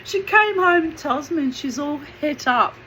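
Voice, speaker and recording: A woman's voice: sits high, animated, moderate pace, bright, forceful tone, slight background noise, low-quality recording. A woman telling a family memory in a chatty, digressive way with plenty of fillers. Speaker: memoir narrator. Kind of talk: casual storytelling.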